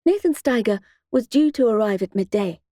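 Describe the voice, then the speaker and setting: A woman narrating a first-person audiobook in a steady, expressive storytelling manner into a close studio mic. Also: fairly high pitch, normal speed, dry recording.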